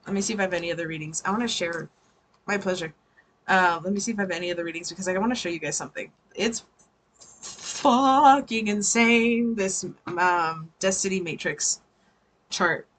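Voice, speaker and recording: A woman's voice: fairly low pitch, steady tone, quick pace, fairly bright tone, low-quality recording. A woman giving a casual, chatty live tarot reading, swearing freely and laughing often. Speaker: tarot reader.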